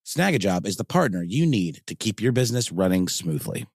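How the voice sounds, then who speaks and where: Male ad voice, low gravelly tone, lively pitch, salesy. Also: brisk, no room sound, clean studio sound. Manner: upbeat, salesy. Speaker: ad reader. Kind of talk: ad read.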